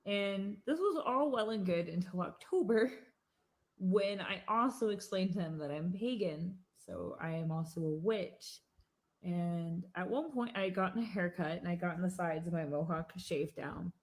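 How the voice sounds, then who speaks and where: A woman's voice: lowish voice, normal speed. A woman, a preschool teacher, telling a casual story to camera in a chatty, amused way.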